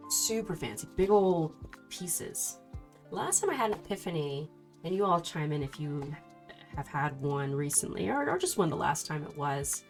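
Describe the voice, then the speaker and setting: Lady streamer doing tarot, low-ish voice, chatty and affectionate, soft music behind. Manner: chatty, greets viewers affectionately. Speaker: streamer reading tarot cards. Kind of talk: casual livestream chat.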